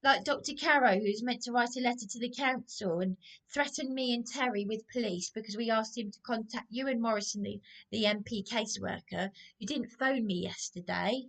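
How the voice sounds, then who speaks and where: A YouTuber rants angrily on her own channel, accusing people directly. Her voice is a little high, fairly quick and fairly bright, and she keeps repeating herself and stumbling over words.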